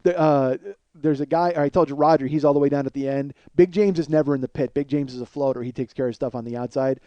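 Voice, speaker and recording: Profane, animated male storyteller. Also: medium pitch, quick pace, no echo, muffled recording. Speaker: podcast host. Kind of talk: comedic storytelling monologue.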